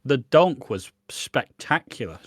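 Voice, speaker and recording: A British man co-hosting a podcast, telling stories in a sweary, animated, casual way. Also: medium pitch, slow pace, no echo, clean studio sound. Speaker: podcast co-host. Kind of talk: casual chat.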